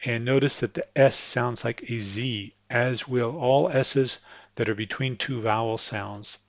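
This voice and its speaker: A man teaching French pronunciation to English speakers, patiently explaining tongue placement and slowly repeating example words. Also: medium pitch, no room sound, dull audio. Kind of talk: instructional explanation with spoken examples.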